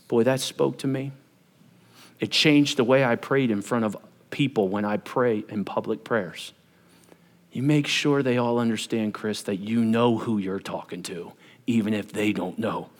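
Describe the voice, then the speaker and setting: A man in his forties preaching a sermon, telling stories with acted-out quotes and dropping to a hush for emphasis. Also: mid-range voice, moderate pace, in a large hall. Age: 40s. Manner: animated storytelling, acts out quotes, drops to hushed emphasis. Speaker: pastor.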